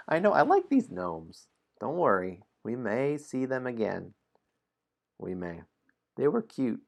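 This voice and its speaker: A man's voice: mid-range voice, slow, creaky, pauses often. A man streaming a dice game, chatting casually with viewers, reading out story passages and chuckling often. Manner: relaxed, chuckles often between lines.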